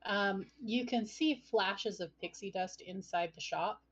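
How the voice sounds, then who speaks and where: A woman's voice: mid-range voice, a little slow, husky, highs cut off. A woman narrating as game master of a tabletop game, speaking in a descriptive, hesitant way with frequent fillers.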